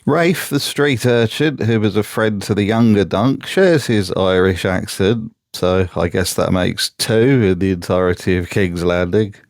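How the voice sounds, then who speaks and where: A man's voice: lowish voice, unhurried, hardly any pauses, no room sound. Sardonic male commentator with a dry, close voice. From Britain. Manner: sardonic and mocking. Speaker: YouTube commentator. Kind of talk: scripted voice-over commentary.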